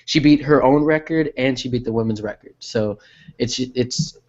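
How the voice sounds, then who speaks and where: A man's voice: medium pitch, moderate pace, a little mellow. A man in a casual podcast chat, arguing his pick with blunt, profane emphasis. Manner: argumentative, makes his case with profanity. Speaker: podcast co-host. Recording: dull lo-fi sound.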